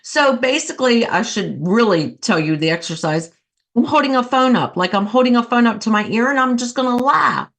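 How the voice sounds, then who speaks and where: A woman's voice: fairly high pitch, lively intonation, fairly quick, a bit bright. Upbeat woman leading laughter yoga. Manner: cheery, coaxing, breaks into bursts of laughter. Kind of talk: guided laughter yoga session.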